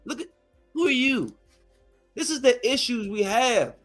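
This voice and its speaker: A man's voice: very high-pitched, expressive, unhurried, a bit bright, faint music behind. A man in his thirties, a streamer, delivering a heated, profane, confrontational rant to his viewers. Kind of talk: angry rant to camera.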